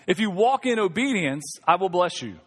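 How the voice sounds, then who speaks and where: A male pastor voicing God in an earnest, inviting tone, a little lower than his usual preaching. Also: sing-song, normal speed, a bit bright, big-room sound, exaggerated voice. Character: God, a patient and challenging divine voice.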